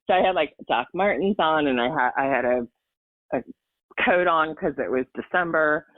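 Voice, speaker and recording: A woman's voice: low voice, normal speed, dry recording. A woman in her forties telling a personal story in a podcast chat, earnest and emotional, rambling with fillers and restarts. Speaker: podcast guest. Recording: tinny phone-like line, dry.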